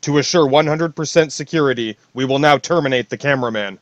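A man's voice: mid-range voice, fast, dry recording, muffled recording, lightly acted. Cold official man, as an actor plays him, dry sound.

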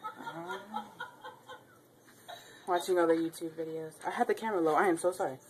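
A woman's voice: on the low side, brisk, a crowd in the background. A young woman vlogging casually at home on a handheld camera, chatty, giggly and rambling. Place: house, indoors.

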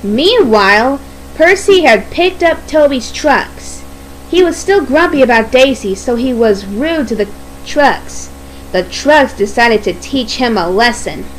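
High-voiced woman reading a storybook. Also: slight background noise, rough recording. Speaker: narrator.

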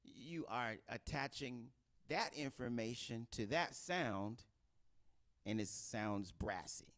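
Middle-aged male pastor, casual teaching sermon, very lively intonation. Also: medium pitch, slow. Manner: conversational, animated, acts out quoted voices.

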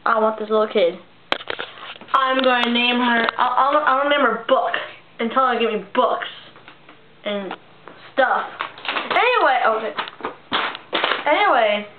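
A woman's voice: a little high, animated, measured pace, long pauses, noisy background. A teenage girl ranting in a casual vlog, rambling, angry and repeating herself, recorded on a built-in computer mic at home. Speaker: vlogger. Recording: tinny lo-fi webcam audio in echoey room.

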